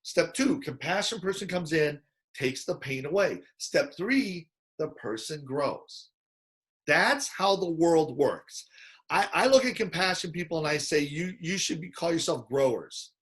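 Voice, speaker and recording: A man hosting a casual conversation, telling lively stories and acting out the people in them. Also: fairly high pitch, a little slow. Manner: animated storyteller, acts out quoted voices. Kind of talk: casual chat.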